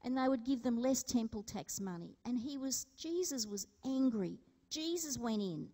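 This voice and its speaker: A woman's voice: fairly high pitch, animated, moderate pace, warm tone, big-room sound. A woman giving a conversational sermon, telling stories and asking the congregation questions. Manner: storytelling, asks the congregation questions. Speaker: preacher. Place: church hall.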